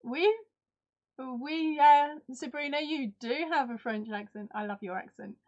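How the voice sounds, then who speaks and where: A woman's voice: high-pitched, a little slow, darkish tone, dull audio. A woman hosting a live crafting stream in casual chat, reading out and answering viewers' comments. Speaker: host.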